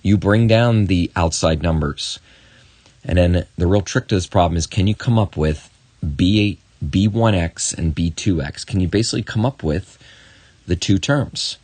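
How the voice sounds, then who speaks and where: A man with a very low voice walks a student through a math lesson on video. He is encouraging and talks straight to the viewer with quick asides. The recording is close and dry. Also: a little mellow, dry recording. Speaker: math teacher.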